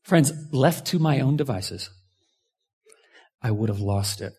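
A man preaching a sermon as a pastor, telling a personal story with lively swings between hushed asides and loud outbursts. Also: mid-range voice, slow pace, breathy edge.

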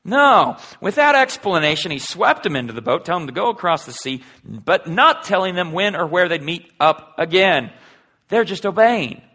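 Guy preaching, gravelly voice, kinda husky, chatty, lots of questions to the crowd, goes loud then quiet. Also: sits high, sing-song, normal speed. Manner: conversational, asking rhetorical questions; swings between loud and hushed. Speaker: pastor. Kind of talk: sermon.

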